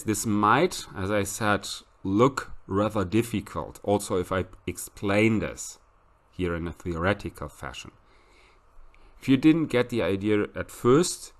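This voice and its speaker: A man's voice: lowish voice, a bit bright. A man giving a recorded statistics lecture, explaining step by step and reading out calculations.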